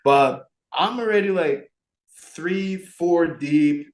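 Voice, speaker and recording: A young man co-hosting a podcast, telling a story in a lively way with many fillers. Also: fairly high pitch, slow pace, reverberant, poor audio. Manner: animated, filler-heavy storytelling. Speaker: podcast co-host. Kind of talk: casual storytelling chat.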